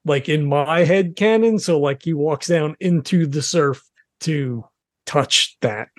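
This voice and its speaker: A man's voice: fairly high pitch, slow, no echo, studio quality. A man talking casually as a player in a tabletop role-playing game, rambling with lots of "like" and "you know".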